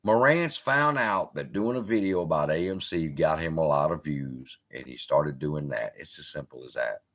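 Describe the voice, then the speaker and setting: A man hosts a casual live stream, speaking in loose, profane bursts while he reads and answers his chat. His voice is bright and forceful, and his pitch jumps all over the place as he talks. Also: normal speed. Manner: profane, animated, heckling chat. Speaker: host.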